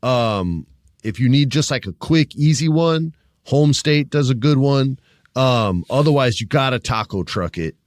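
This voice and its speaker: A man co-hosting a podcast in relaxed, casual chat, calling people dude and bro. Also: mid-range voice, measured pace, no room sound, clean studio sound. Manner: laid-back, says dude and bro. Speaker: podcast co-host.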